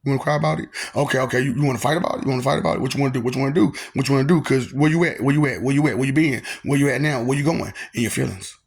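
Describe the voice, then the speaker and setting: A man's voice: mid-range voice, racing, husky. A man talking in a freewheeling, taunting monologue, repeating lines and laughing often.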